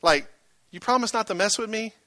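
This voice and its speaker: A man's voice: high voice, a little fast, bright, forceful tone, no room sound, voice pushed up. A man voicing an ancient king who casually asks for a pact, in a preacher's own voice. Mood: pleading. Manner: casual modern phrasing. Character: ancient male king, wary and pleading.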